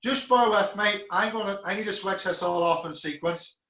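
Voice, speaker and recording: A man with a Northern Irish accent hosting a casual interview over a video call, chatty and quick to laugh. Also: high-pitched, pushed and bright. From Northern Ireland. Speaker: interviewer host. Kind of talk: casual online interview chat. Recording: echoey room.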